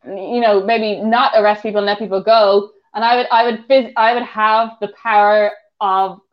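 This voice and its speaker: A woman's voice: mid-range voice, steady tone, normal speed. A woman with an Irish accent, co-hosting a podcast, telling stories in casual chat with lots of giggles. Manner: giggly storyteller. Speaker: podcast co-host. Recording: dull lo-fi sound.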